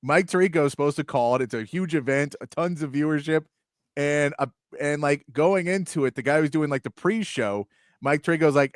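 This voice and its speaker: A man's voice: a little high, lively intonation, fairly quick, no echo, studio quality. A Texan man hosting casual sports talk, telling stories chattily and laughing as he goes. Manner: chatty storyteller who laughs as he talks. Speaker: sports talk show host.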